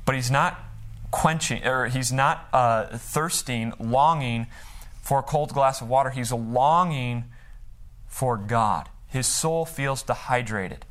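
A man's voice: medium pitch, fairly bright tone. Earnest man preaching a sermon. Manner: earnest, conversational preaching with pauses and restarts. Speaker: pastor.

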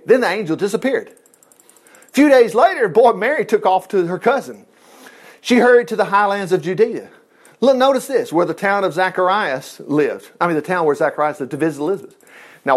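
Man, folksy preacher, high voice, lively swooping pitch. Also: brisk. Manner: folksy, animated, acts out Bible characters. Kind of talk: sermon.

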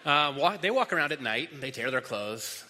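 A man's voice: on the high side, lively intonation, moderate pace, pushed and bright, a little hiss or hum. A man preaching a sermon as pastor, teaching in a casual way full of fillers and restarts, in a large hall. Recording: long hall reverb.

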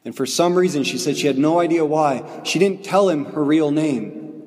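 A man preaches a homily, his voice sitting slightly high for a man. He tells his story in earnest, slowing down to land each key phrase. The sound rings with a long reverb, like a church. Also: darkish tone. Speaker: priest.

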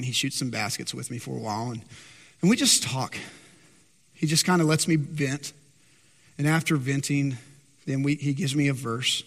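A male pastor preaching a sermon, rising loud on his questions and dropping soft and low for his stories. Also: big-room sound. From Texas, USA.

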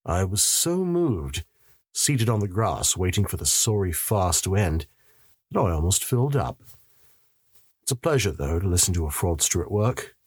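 Male first-person narrator, low and husky, wry and sardonic, lively delivery. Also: normal speed, no echo.

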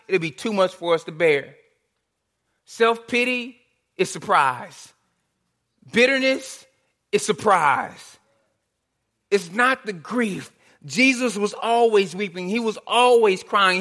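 Male pastor, sermon delivery, high-pitched and bright-toned, earnest and repetitive. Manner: earnest preaching, rhetorical questions and repetition.

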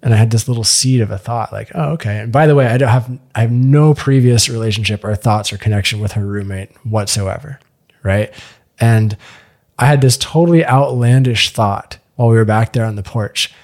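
A man telling a personal story on a podcast in a casual, animated way, swearing freely and acting out the voices of people he quotes. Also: mid-range voice, a little fast.

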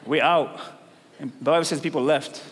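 A middle-aged man preaching a sermon in a church, talking casually with slang, then rising to loud, emphatic points. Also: a little high, normal speed. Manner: conversational preaching with slangy asides, building to loud emphatic peaks. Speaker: pastor. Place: large church hall with congregation. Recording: long hall reverb, crowd faintly behind.

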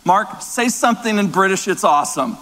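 A man's voice: sits high, animated, brisk, a bit bright, long reverb tail. A man preaching a sermon as pastor, emphatic and repetitive, in a large church.

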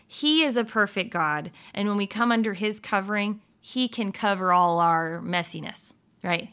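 A woman's voice: medium pitch, a bit bright. A woman giving casual devotional encouragement, speaking earnestly, firing off rhetorical questions and laughing at her own slips.

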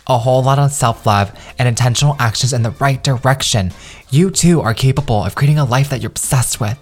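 A man's voice: medium pitch, fast, soft background music. Man in his twenties, from the States, podcast host, bubbly, slangy, curses freely, rambling monologue. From United States. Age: 20s. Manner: bubbly and slangy, cusses freely, goes off on tangents. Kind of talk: casual solo podcast monologue.

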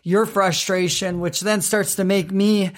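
Man, high-pitched, earnest co-host of a faith marriage podcast, reads verses slowly. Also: level tone.

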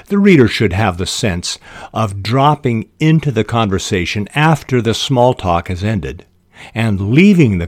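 A middle-aged man hosting a writing podcast, explaining fiction techniques in a measured way with short pauses. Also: lowish voice, dry recording, studio quality. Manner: measured, reads examples aloud with short pauses. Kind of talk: instructional talk on fiction writing.

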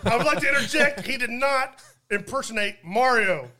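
An excitable man chatting during an improv game, with a high, bright voice. His pitch jumps around constantly. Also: moderate pace. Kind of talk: casual improv game chat.

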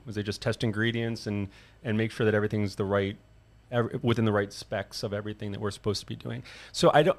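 A man hosting a science podcast, talking in an easygoing, conversational way with some fillers. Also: on the low side. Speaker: podcast host, chief science officer. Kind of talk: casual podcast chat.

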